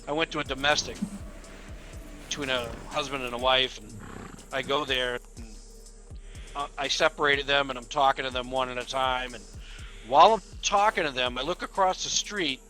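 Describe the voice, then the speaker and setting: A police officer telling rambling, profane stories in casual game voice chat, often laughing. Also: male voice, mid-range voice, normal speed, pushed and bright, soft background music.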